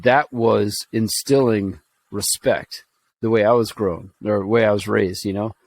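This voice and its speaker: A man's voice: lowish voice, steady tone, a little slow, darkish tone, dry recording. A man from Alabama telling a personal story on a podcast, earnest and rambling, with fillers and restarts. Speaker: podcast co-host.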